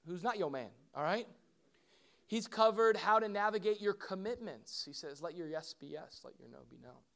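A middle-aged man, a pastor, preaching a sermon in an animated way, with questions and asides to the congregation. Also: high voice, normal speed.

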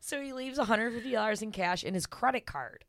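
A woman's voice: fairly high pitch, a little fast, heavy background noise. A young woman comedian, a podcast guest, telling a story in casual chat, laughing as she acts out quotes.

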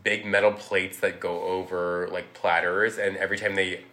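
A man with a fairly low voice and a bright, forward tone chats casually, rambling through a story. He leans on "like" constantly and slips into playful impressions as he goes. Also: level tone, normal speed. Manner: rambling, heavy use of "like", acts out quotes. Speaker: podcast guest recapping a film. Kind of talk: casual chat.

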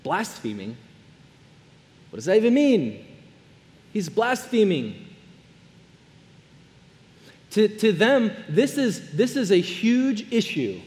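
Earnest high-voiced male pastor in a reverberant hall. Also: big pitch swings, measured pace. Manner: earnest, swings between soft hushed lines and raised emphatic ones. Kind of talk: sermon.

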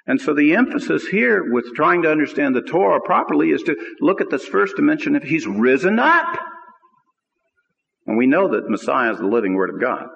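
Gravelly man preaching on old radio. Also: on the high side, big pitch swings, normal speed, fairly bright tone, big-room sound, muffled recording. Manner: conversational, emphatic, rising to fervent peaks. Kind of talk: sermon teaching on scripture.

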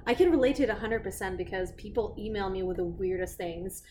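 A woman's voice: mid-range voice, darkish tone, slight background noise. A woman guest chatting casually and cheerfully, with many fillers. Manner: upbeat, quick to laugh, uses many fillers. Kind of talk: casual chat.

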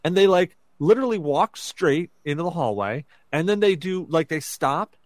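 A man's voice: fairly high pitch, normal speed, no echo. A man telling a dramatic personal story on a casual podcast, full of fillers like "like". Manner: animated, dramatic retelling with filler words. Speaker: podcast co-host.

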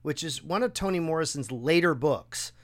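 A man hosting a podcast, chatting casually and acting out quotes with a raised, animated voice. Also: on the high side, moderate pace. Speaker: podcast host. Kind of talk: casual conversation.

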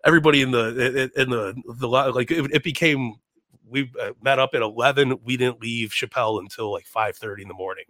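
A man telling a story in a casual chat, animated, swearing freely and acting out other people's lines in raised voices. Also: mid-range voice, a little fast, no room sound. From Chicago. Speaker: podcast guest.

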